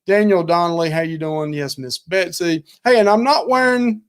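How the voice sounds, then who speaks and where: A man's voice: high voice, moderate pace, clean tone. A middle-aged man co-hosting a live cooking and travel stream, chatting casually and rambling as he thanks viewers over and over.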